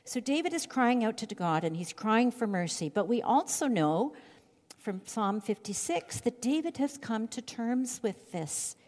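Expressive woman teaching in a reverberant hall. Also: on the high side, unhurried. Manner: expressive, storytelling delivery. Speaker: Bible teacher. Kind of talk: Bible teaching with scripture reading.

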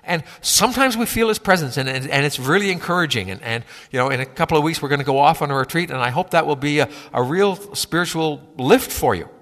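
A man preaching a sermon in a conversational, halting way, often repeating words as he gathers his thoughts. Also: fairly high pitch, lively intonation, a bit bright, big-room sound. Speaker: pastor.

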